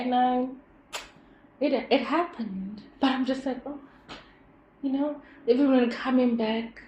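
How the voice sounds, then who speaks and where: A young woman hosting her own show, telling personal stories in a rambling, expressive, reflective way. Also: fairly high pitch, unhurried, dull audio. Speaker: podcast host. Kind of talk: personal storytelling monologue. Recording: echoey room with faint background hum.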